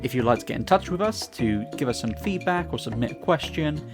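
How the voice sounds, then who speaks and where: A man's voice: medium pitch, lively intonation, a little fast, creaky, music in the background. A man hosting a podcast, moving between casual chat and an easygoing reading of the outro. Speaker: podcast host.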